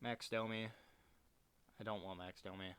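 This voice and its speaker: Brief: male gamer commentator, lowish voice with a bright edge, swears and mutters over a management sim. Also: level tone, moderate pace, slight background noise. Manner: frustrated, swearing, muttering to himself. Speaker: gaming video creator. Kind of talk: casual gameplay commentary.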